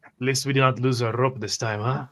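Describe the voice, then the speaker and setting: A man's voice: mid-range voice, steady tone, a little fast, fairly bright tone. A man playing a tabletop game, describing actions and speaking in character with a wary, clipped manner. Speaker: player. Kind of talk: tabletop role-play.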